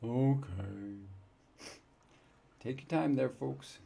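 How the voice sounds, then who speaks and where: A man's voice: medium pitch, very slow, gravelly, mellow, husky. An older man casually commenting on his gameplay with wry, joking asides. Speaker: let's-play gamer.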